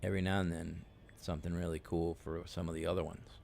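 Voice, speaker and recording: A deep-voiced man with a rough, gravelly edge chats through a gaming live stream. He rambles along in a laid-back way, full of "uh" and "you know", with a faint hiss under his voice. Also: level tone, quick pace, a little mellow. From United States. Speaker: game streamer. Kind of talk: casual live-stream chat while gaming.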